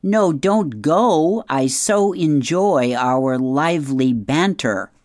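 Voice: mid-range voice, sing-song, slow, no echo, voice pushed up. A reader voicing a cheery father trying to chat with his sulky son, hearty and upbeat. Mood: sarcastic.

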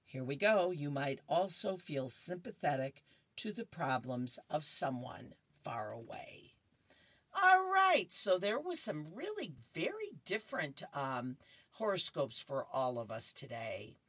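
A woman's voice: low-pitched, big pitch swings, unhurried, a bit bright, no room sound. A woman reading horoscopes and newspaper comics aloud in a chatty, amused way, adding asides and laughing between strips. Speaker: radio-style reader of horoscopes and comics.

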